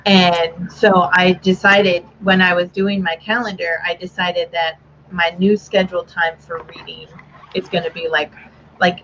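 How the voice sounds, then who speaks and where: A woman's voice: on the low side, a bit bright, slight background noise. Chatty woman hosting a livestream. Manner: chatty, upbeat, lots of "like" fillers. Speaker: livestream host. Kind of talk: casual chat. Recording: dull lo-fi stream audio.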